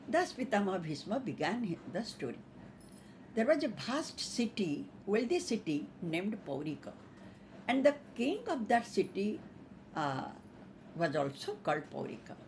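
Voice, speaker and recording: A woman storyteller telling a fable in an unhurried way, with many fillers and restarts. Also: medium pitch, sing-song, darkish tone, a little hiss or hum.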